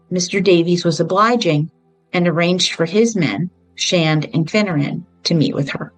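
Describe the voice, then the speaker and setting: A woman hosting a podcast, retelling a true-crime book in a measured storytelling way with brief personal asides. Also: fairly low pitch, dry recording, low-quality recording. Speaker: podcast host.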